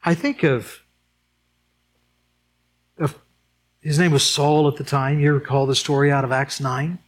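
A man preaching a sermon as pastor, emphatic, asking the congregation questions and swinging between urgent peaks and quiet asides. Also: level tone, a little slow. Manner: emphatic, rising to high urgent peaks then dropping low and quiet; addresses the congregation with rhetorical questions.

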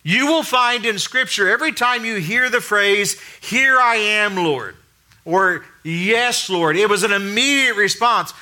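A middle-aged male pastor preaching a sermon in a conversational way, asking the room questions and dropping quiet to stress a point. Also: high voice, a little slow, hardly any pauses.

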